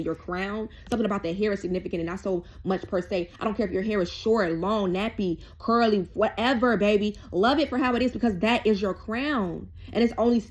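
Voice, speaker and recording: A woman reads tarot cards in a rapid, rambling, casual way. Her voice is mellow and darkish, and she sounds emotional and at times tearful as she speaks. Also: medium pitch. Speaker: tarot reader. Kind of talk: tarot reading.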